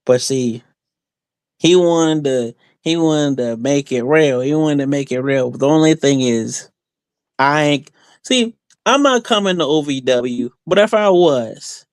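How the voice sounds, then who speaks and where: A man's voice: mid-range voice, clear, resonant tone, no echo. A man, a guest wrestler, talking through boastful trash talk in a loose, rambling way, full of fillers and restarts. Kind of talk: casual podcast interview.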